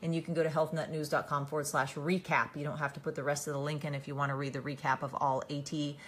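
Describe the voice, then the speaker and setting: A woman's voice: low-pitched, level tone, fast, a bit bright, slight background noise. A woman hosting a casual live stream, tired, reading out viewer comments and answering them by name with many fillers and restarts.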